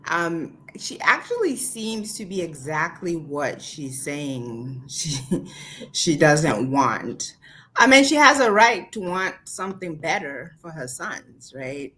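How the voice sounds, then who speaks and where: Low, bright-voiced woman panelist. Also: very animated. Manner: measured, hesitant, many ums. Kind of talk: casual panel discussion.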